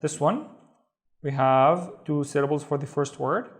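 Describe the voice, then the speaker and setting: Male teacher, fairly high voice, slow syllable-by-syllable repetition, patient. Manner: patient, sounds out syllables slowly and repeats them. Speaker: Arabic teacher. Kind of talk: slow step-by-step reading lesson.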